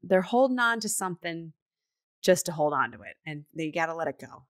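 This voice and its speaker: A woman's voice: deep voice, no room sound, studio quality. A woman co-hosting a casual chat, talking expressively and emphatically about her family. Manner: expressive, emphatic, quick asides. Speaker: podcast co-host.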